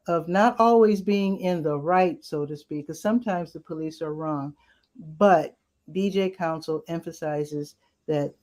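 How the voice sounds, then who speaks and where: A community events host gives a casual rundown of what's happening locally this weekend. Her voice is warm and sits on the low side, and she keeps things chatty and upbeat with plenty of asides, though it cracks now and then.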